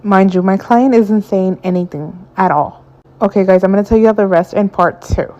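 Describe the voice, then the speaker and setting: A woman's voice: mid-range voice, fairly even intonation, normal speed, dark tone. A woman nail tech telling a storytime about a client in a plain, matter-of-fact way, on a dull lo-fi recording. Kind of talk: storytime vlog.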